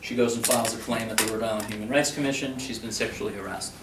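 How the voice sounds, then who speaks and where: A man's voice: fairly low pitch, fairly even intonation, quick pace, a bit bright, slight background noise. A man leading a workplace harassment training for a live room, joking and acting out example lines. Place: meeting room with audience. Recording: roomy, mic far from speaker.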